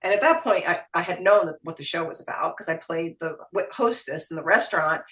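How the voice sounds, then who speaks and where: A middle-aged woman from Queens with a New York accent, telling stories as an interview guest in an animated, salty way. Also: lowish voice, fairly quick, distant mic. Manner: animated, quotes people in put-on voices, swears casually. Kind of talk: casual storytelling interview. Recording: roomy sound, voice a bit off mic.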